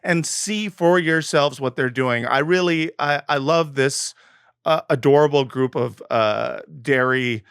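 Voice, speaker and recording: Unhurried and fairly bright, this man's mid-range voice has a clean tone. He jokes and rambles with many fillers as a co-host of a casual comedy podcast, recorded in clean studio sound with no room sound.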